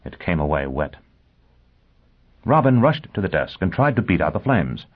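A man narrating a science fiction story in a measured, even way. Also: sits low, breathy edge, narrow, tinny audio. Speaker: audiobook narrator. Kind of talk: scripted narration.

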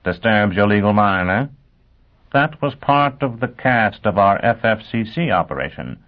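A cold and amused ruthless male spymaster with a smug, crisp delivery, voiced by a man narrating. The voice sits low. The sound is tinny and phone-like. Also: animated, normal speed, lightly acted.

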